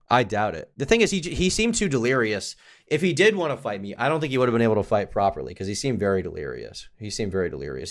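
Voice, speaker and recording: Low-voiced rambling profane streamer. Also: male voice. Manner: profane, rambling, lots of filler. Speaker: streamer host. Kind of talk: casual livestream commentary.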